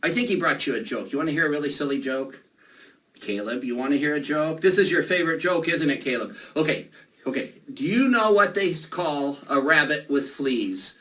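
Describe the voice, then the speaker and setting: A man performing a children's magic show, playful and animated as he talks to the kids. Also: on the high side, moderate pace. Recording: distant mic, faint noise.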